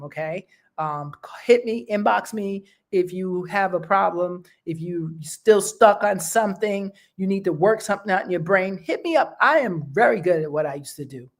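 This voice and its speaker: Encouraging woman talking straight to listeners. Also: lowish voice. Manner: direct, encouraging, conversational with many fillers. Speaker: host. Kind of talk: casual motivational talk.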